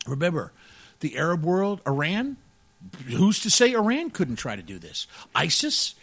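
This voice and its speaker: A man co-hosting a casual radio talk show, excitable and jokey, laughing often and peppering his talk with "dude" and "man". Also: a little high, moderate pace, gravelly, slightly rough, dry recording. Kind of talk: casual podcast banter.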